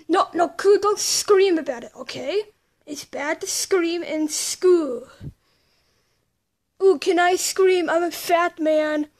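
High-pitched slow-paced playful voice. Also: female voice. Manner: playful childlike voices, shifting between characters. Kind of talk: homemade toy play acting several characters.

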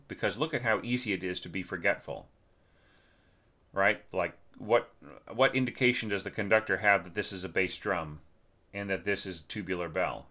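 Male orchestration teacher, low voice, stuffed-up and throat-clearing, chatty score review with a sharp edge. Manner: conversational, many fillers and tag questions. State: congested, clearing his throat. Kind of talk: casual spoken score critique.

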